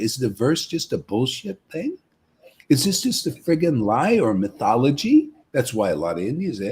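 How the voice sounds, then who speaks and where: A man leading an informal spiritual discussion on a live stream, preaching emphatically, tacking "man" onto his lines and swinging between mocking and excited. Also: mid-range voice, normal speed.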